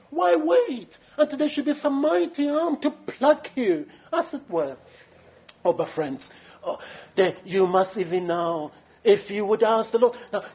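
A man preaching a sermon in an earnest, pleading way, with frequent restarts and fillers. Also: high voice. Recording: muffled lo-fi sermon recording.

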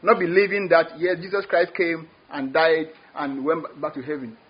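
Husky preacher man, emphatic. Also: a little high, little pitch movement, moderate pace. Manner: emphatic, repeats words, rising exclamations. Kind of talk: sermon. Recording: dull lo-fi recording.

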